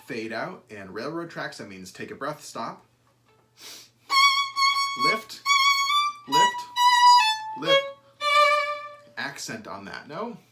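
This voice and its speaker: A man's voice: medium pitch, very animated, moderate pace, hardly any pauses, over loud music. A man teaching a violin lesson, explaining bowing and shifting and counting out beats. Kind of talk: instrumental music lesson. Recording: loud violin playing under the talk.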